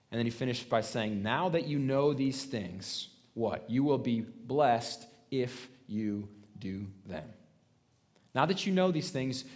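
A man preaching a sermon in a conversational way. He often asks "right?" and restarts his words, rising to stress a point. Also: mid-range voice. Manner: conversational preaching, frequent "right?" tag questions; restarts and stammered repeats, emphatic rises. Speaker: pastor.

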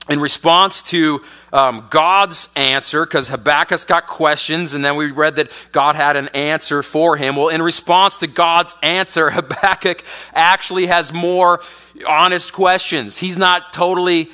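A man preaching a conversational sermon, growing animated as he retells the prophet's complaints. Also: on the high side, clean tone. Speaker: pastor.

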